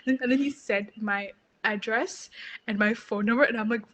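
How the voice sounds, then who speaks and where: A young woman co-hosting a casual chat show, telling a story in an animated way and swearing freely. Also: on the high side, moderate pace, muffled recording. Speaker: co-host.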